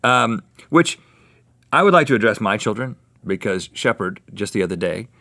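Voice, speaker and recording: Male comic co-host, lively and swooping delivery, dry close sound, teasing storyteller. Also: lowish voice, normal speed, dry recording. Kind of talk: comedic casual banter.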